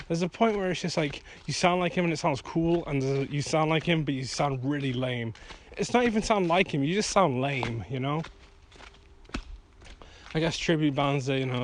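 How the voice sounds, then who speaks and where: A man's voice: a little high, slight background noise. A man talking frankly while walking outdoors at night, rambling and swearing freely as he gets heated. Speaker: vlogger and songwriter. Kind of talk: casual rambling monologue.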